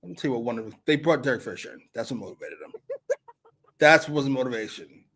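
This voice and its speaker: A man's voice: medium pitch, animated, fast talker, a bit bright, slightly rough. A man co-hosting a casual wrestling review chat with blunt, profane, wry banter. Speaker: co-host of wrestling review show.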